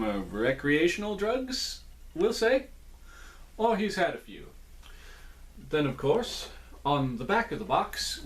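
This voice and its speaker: A man reviewing cereal in a casual vlog from a small indoor room, with playful, jokey asides. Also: a little high.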